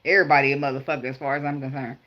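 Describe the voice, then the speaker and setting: A tarot reader in a casual spiritual advice vlog speaks in a rumbling low voice at a very fast clip, and the audio is dull. She talks bluntly and profanely about parenting while doing a laid-back reading, laughing and telling stories with animation.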